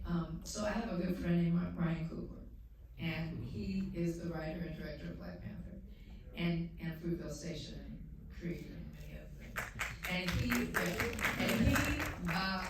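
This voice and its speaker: A woman speaking as the guest at a cinema Q&A, with animated, self-deprecating storytelling and lots of quick restarts. Her voice comes from a distance in a very echoey theater, with steady room noise behind it. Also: fairly low pitch. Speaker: filmmaker guest at a Q&A. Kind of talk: casual onstage conversation. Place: cinema theater before an audience. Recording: echoey theater from far off, noisy.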